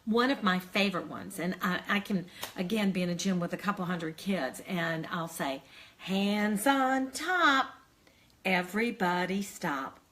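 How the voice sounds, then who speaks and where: Older female teacher trainer, warm encouraging delivery, breaks into slow singsong chants. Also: fairly low pitch. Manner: friendly, encouraging explanation. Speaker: early childhood educator.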